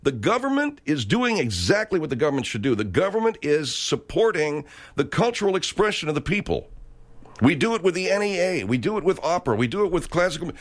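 American male radio host, profane rant, very lively pitch swings. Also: a little fast. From United States. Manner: swearing, rambling, emphatic. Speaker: talk show host.

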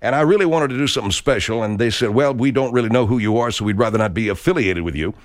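A man's voice: medium pitch, fast. A man from Arkansas with an Arkansas accent hosts a country show, telling a rambling comic story in a folksy way, full of filler words. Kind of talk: comedic rambling monologue.

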